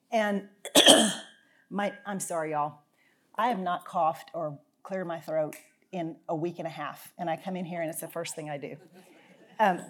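A woman giving a casual, folksy devotional talk as a podcast host, often clearing her throat. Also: on the low side. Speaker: podcast host and Bible teacher.

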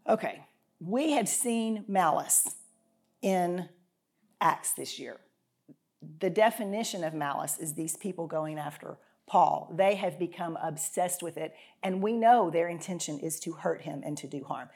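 A woman giving a casual, folksy devotional talk as a podcast host, often clearing her throat. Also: on the low side, a little slow, darkish tone. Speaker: podcast host and Bible teacher.

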